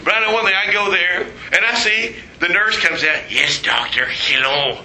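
A man preaching a sermon, telling stories with humor and quoting voices in an animated way. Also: high voice, normal speed, echoey room, a little hiss or hum, low-quality recording.

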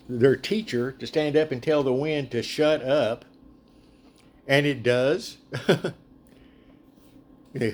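A man with a mid-range voice leads a casual group Bible study, retelling the story in a chatty, animated way and laughing often. Slight background noise can be heard.

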